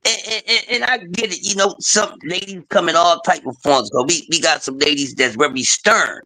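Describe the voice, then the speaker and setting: A man with a high, bright voice spins rowdy, profane stories on a casual talk show. He acts out the people he quotes and talks with a forceful edge. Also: moderate pace, dry recording, poor audio. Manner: loud profane storytelling, acting out quotes. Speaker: podcast host. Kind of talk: casual chat.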